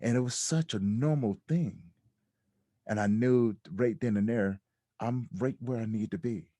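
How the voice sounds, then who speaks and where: A man on a podcast as a guest, telling his personal story in a reflective way that turns animated when he quotes others. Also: medium pitch, measured pace, dry recording, studio quality. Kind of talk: candid storytelling interview.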